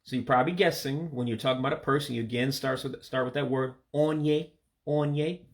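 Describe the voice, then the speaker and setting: A man teaching vocabulary in a casual spoken lesson, patiently repeating each word slowly so listeners can practice along. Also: mid-range voice, fairly even intonation. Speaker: language learner teaching vocabulary.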